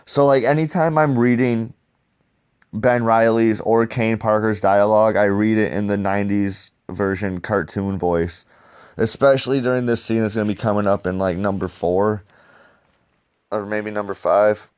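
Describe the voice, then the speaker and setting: A man's voice: on the low side, normal speed, clear, resonant tone, no room sound. A young man casually reviewing a comic book, rambling and swearing as he acts out scenes and adds sound effects. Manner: profane, excitable, sound effects and acted-out dialogue.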